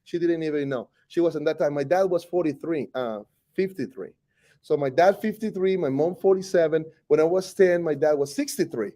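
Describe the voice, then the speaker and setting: In a personal storytelling interview, a Costa Rican teacher with a Costa Rican Spanish accent recounts his life. He's animated and rambling, correcting himself constantly, and his voice is a little high and a little fast.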